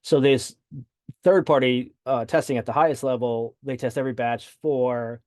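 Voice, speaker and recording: Male dietitian guest, chatty explainer, middle pitch, dry studio mic. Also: fairly even intonation, normal speed, darkish tone, no room sound. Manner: explanatory, with frequent "right?" tags and fillers. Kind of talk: podcast interview.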